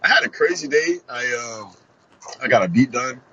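A man's voice: medium pitch, animated, moderate pace, dull audio, crowd noise. A man co-hosting a casual comedy podcast, laughing often as he acts out silly made-up scenarios. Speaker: podcast co-host.

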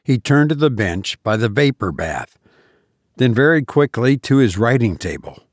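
A man reads a classic story aloud in a measured, expressive voice. His pitch sits in a middle range. The recording is close and dry. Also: no echo. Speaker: narrator. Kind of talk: audiobook reading of a classic story.

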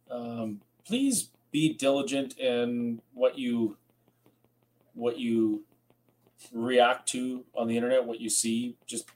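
A tired man hosting a late-night livestream, talking in a loose, rambling way at a mid-range pitch. He chats casually and reads out viewer comments between his own points. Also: poor audio. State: tired, yawning. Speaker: host.

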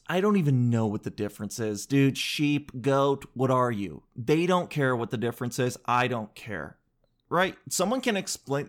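A man telling comedic stories in a casual, rambling monologue, joking, cutting himself off and swearing freely. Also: mid-range voice.

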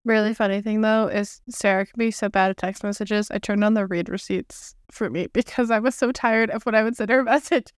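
A woman's voice: mid-range voice, steady tone, brisk, hardly any pauses, smooth, dry recording, clean studio sound. A woman in her twenties chatting casually as a podcast co-host, telling stories with frequent laughs and casual swearing. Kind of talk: casual chat.

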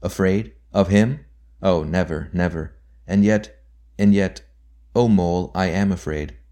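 A gentle storybook water rat who speaks in hushed wonder, as a male reader puts him on. The voice stays very deep, and it lifts gently on each repeated word. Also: measured pace. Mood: awed.

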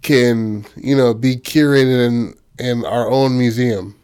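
A man's voice: mid-range voice, steady tone, takes it slowly, darkish tone, smooth. A man casually retelling a story in loose, rambling talk, full of fillers and profanity. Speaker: filmmaker describing his film. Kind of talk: casual chat.

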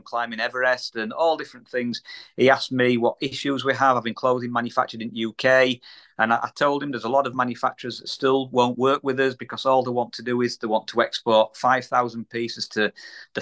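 Bright-voiced British man telling a story. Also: medium pitch. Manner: animated, repeats words, acts out quoted voices. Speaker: guest, small business owner. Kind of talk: casual podcast storytelling.

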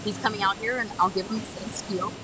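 A woman's voice: medium pitch, fairly even intonation, fast. Chatty woman guest over background noise. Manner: chatty, laughs easily. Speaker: podcast guest. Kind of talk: casual chat. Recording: noisy recording with clear background noise.

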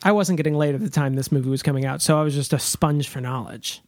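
A woman co-hosting a casual comedy movie podcast, delivering dry, quick-witted jokes. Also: low voice, a little mellow. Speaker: podcast co-host.

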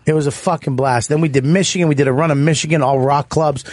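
A man chatting casually on a radio show, telling stories in an excitable, profane way. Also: a little high, fast talker. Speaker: comedian guest. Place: radio studio.

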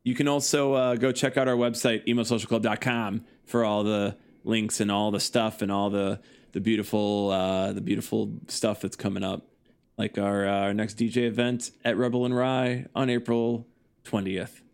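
A man with a lowish voice hosts a podcast in easy, loose chat. He jokes around and fills his sentences with "uh" and restarts. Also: flat delivery, moderate pace, creaky, clean tone. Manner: loose, joking, lots of fillers. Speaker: podcast co-host. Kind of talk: casual chat.

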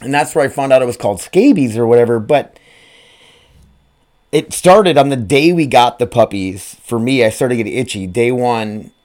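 A man's voice: medium pitch, animated, moderate pace, a little mellow. Rambling, cussing Midwestern man podcasting. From Grand Forks, North Dakota. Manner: rambling, profane, self-deprecating. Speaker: podcast host. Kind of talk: casual solo podcast chat.

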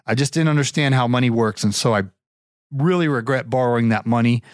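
Casual male storyteller from Ohio, rambling and lively, dry close sound. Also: fairly quick, no room sound. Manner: rambling, animated, pitches up for quoted voices. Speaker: show regular telling a story.

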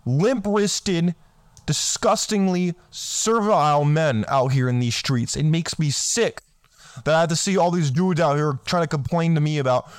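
A man's voice: fairly high pitch, no echo. A man from the United States giving a blunt, scornful motivational rant as a vlogger, often saying "my friends".

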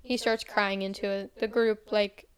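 A woman's voice: mid-range voice, little pitch movement, clear, resonant tone. A young woman casually retelling a horror movie plot to a friend, quoting the characters as she goes. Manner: fast casual recap, quoting characters in a light voice. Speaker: storyteller retelling a film.

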